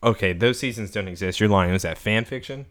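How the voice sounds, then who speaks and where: A man's voice: lowish voice, brisk, a bit bright. A young man co-hosting a casual rewatch podcast, teasing his co-host and laughing often.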